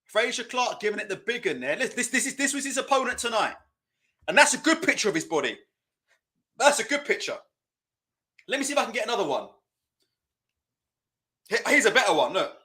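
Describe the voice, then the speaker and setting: Brief: male streamer, lively swooping delivery, loose casual commentary. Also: high-pitched, a little fast, pauses often. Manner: mocking, laughing, loose and profane. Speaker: livestream boxing watch-along host.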